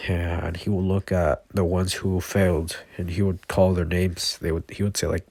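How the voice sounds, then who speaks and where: A man's voice: low-pitched, little pitch movement, moderate pace, hardly any pauses, a little mellow, no echo. A man casually improvising a fan story, rambling with many fillers and self-corrections.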